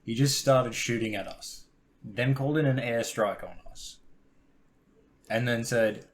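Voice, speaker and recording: A man's voice: medium pitch, unhurried, pauses often. A young man co-hosting a podcast, chatting casually about video games and mostly answering with short, agreeable replies. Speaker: podcast co-host. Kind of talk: casual chat about gaming.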